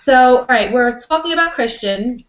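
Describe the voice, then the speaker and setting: A fairly high-voiced woman hosts a casual podcast chat and steers the talk from one topic to the next. The room rings around her and the sound is a little dull and lo-fi. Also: expressive, normal speed, roomy sound. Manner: chatty, leads the discussion. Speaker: podcast host.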